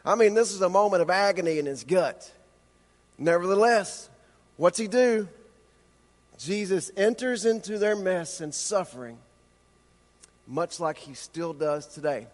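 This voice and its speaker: A man preaching a sermon with impassioned rhetorical questions, slowing down for emphasis. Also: high voice, in a large hall. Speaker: pastor.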